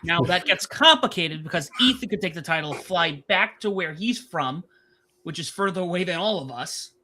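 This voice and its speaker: A man with a bright, forceful tone and a slightly raised pitch, co-hosting a casual wrestling chat. He jokes easily and lets sentences trail into fillers. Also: normal speed, slight background noise. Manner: relaxed, jokey, trails off with fillers. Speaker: podcast co-host.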